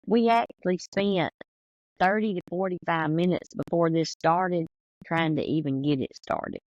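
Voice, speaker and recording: A woman's voice: on the low side, unhurried, a little mellow, lo-fi sound. A woman with a Southern US accent and a drawl, chatting casually as a podcast co-host and telling stories. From American South. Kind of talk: casual chat.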